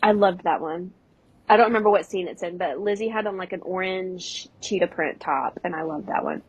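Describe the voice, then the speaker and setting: A young adult woman co-hosting a podcast, recapping scenes in casual chat and dropping into quick voice impressions with laughs. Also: on the low side, husky, highs cut off. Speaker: podcast co-host.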